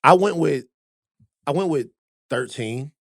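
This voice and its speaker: A man co-hosting a podcast, chatting about a film in an animated way, laughing easily and tripping over words when excited. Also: on the high side, measured pace, no room sound, studio quality. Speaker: podcast co-host. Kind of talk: casual film discussion. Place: podcast studio.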